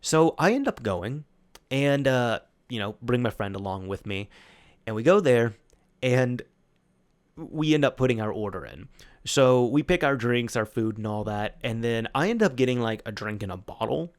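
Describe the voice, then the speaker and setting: A man's voice: mid-range voice, animated, normal speed. A young man hosting a solo talk show, telling a story casually with many restarts and fillers. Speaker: host.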